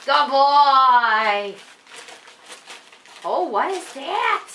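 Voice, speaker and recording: A woman's voice: high voice, sing-song, very slow, background noise. A woman talking to her dog in a coaxing, sing-song way while filming a home video indoors. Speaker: dog owner.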